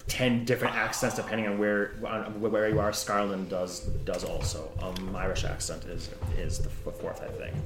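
Man, game master, tabletop game briefing, grave and halting, low voice, echoey room. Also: flat delivery, over music.

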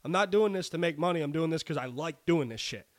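Profane, excitable man talking sports bets. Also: on the high side, quick pace. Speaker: podcast co-host. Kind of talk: casual sports betting chat.

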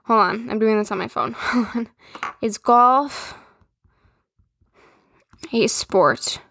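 A woman's voice: on the high side, a bit bright, no echo, studio quality. A young woman from Minnesota hosting a podcast, telling a story in a blunt, profane, exasperated way. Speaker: podcast host. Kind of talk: casual solo rant.

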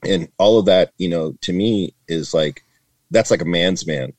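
A low-pitched man in his fifties from Northern California, a retired border agent, tells stories to a podcast host at a measured pace with no echo. He's chatty, full of "like" and "man," and acts out the voices of people he quotes in this casual interview.

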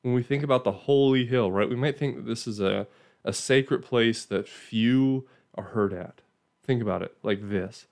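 A man's voice: medium pitch, normal speed, gravelly, darkish tone. A man giving an informal Bible teaching in a conversational way, often checking in with "right?" and restarting phrases.

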